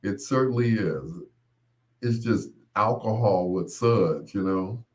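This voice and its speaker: A man hosting his own show, telling rambling casual stories with laughs and quick mimicked voices of others. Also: lowish voice, a little mellow. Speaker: podcast host. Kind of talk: casual storytelling monologue.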